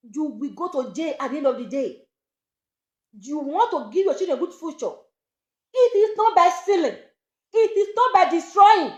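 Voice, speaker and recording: A woman's voice: extremely high pitch, reverberant, lo-fi sound. A Nigerian woman, a social media presenter talking to camera, pleading and scolding again and again.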